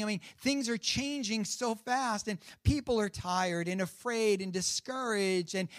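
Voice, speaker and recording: A man's voice: sits high, no room sound. A man preaching a sermon as pastor, with swelling emphasis and calls out to the congregation.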